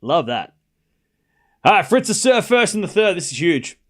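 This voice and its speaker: Speaking at normal speed in a high-pitched, very animated voice, a young man commentates tennis on a casual live stream. He chats with viewers, cracks jokes and strays onto tangents between points.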